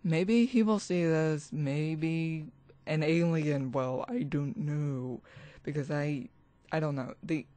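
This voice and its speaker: Agitated solo vlogger, middling pitch, slow heated rant, dry close computer mic. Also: darkish tone, no room sound. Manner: agitated, rambling, restarts sentences, swears. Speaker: spiritual vlogger. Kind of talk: ranting vlog monologue.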